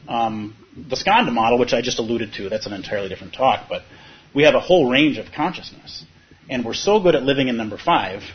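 A man's voice: medium pitch, highs cut off. A man teaching meditation, answering a student's question in a thoughtful, searching way. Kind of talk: dharma talk Q&A.

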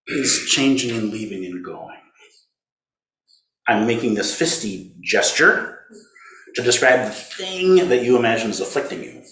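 A man giving a gentle, playful Zen dharma talk, laughing often as he teaches. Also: medium pitch. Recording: roomy hall.

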